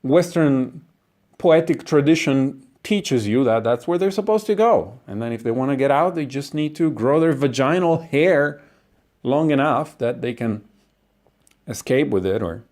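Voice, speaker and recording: Animated, profane man doing a comic rant. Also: mid-range voice, measured pace. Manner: profane, animated ranting with acted-out asides. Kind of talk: comic monologue.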